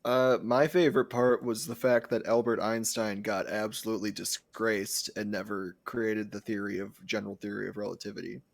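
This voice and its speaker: A man's voice: lowish voice, little pitch movement, moderate pace, gravelly, few pauses, dry recording. A man chatting and teasing friends on a live charity stream. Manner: dry, teasing. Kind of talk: casual group chat on a live stream.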